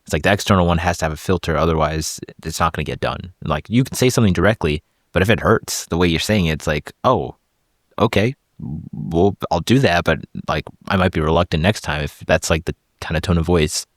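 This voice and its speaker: A man with a very deep, low voice talks reflectively in a casual podcast conversation. He works through his points with small hesitant restarts. The sound is dry and close, with no room sound. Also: fast talker, few pauses, dry recording.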